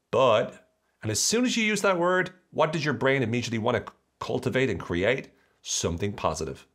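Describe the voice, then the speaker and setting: A man hosting a motivational podcast, talking in a playful, animated way and acting out voices. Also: fairly low pitch. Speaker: podcast host.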